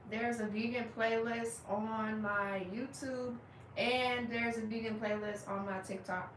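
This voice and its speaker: A young woman chatting casually with viewers on her livestream, animated and laughing as she acts out their reactions. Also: on the high side, a little slow, reverberant, recorded from a distance, a little hiss or hum, rough recording. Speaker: livestream host.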